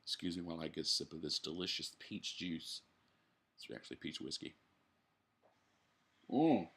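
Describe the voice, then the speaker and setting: A man's voice: very deep voice, little pitch movement, brisk, creaky, sharp tone, husky. A man hosting a podcast from his living room, reading a news article aloud and breaking off for blunt, profane asides while he drinks. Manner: blunt, swears freely, drinks while talking. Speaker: podcast host.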